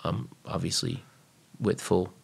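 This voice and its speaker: A man's voice: deep voice, fairly even intonation, slow, gravelly, husky. A man guest on a podcast, telling a personal story casually and bluntly, swearing freely. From United States.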